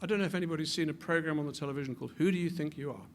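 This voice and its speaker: A man gives a public talk in a fairly high voice, rising to forceful emphatic peaks. He often stumbles into repeated words and restarts sentences. Faint noise hums under the recording. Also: racing. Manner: animated, builds to emphatic peaks. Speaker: speaker.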